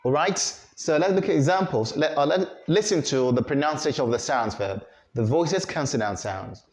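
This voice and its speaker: A man's voice: mid-range voice, moderate pace, few pauses. A man teaching English pronunciation, repeating sounds and words for learners to echo, with frequent fillers and self-corrections. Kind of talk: pronunciation lesson.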